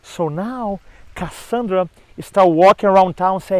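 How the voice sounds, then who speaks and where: High-voiced animated male storyteller. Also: measured pace, no room sound, poor audio. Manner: animated storyteller acting out dialogue. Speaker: speaking coach. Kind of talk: storytelling to camera.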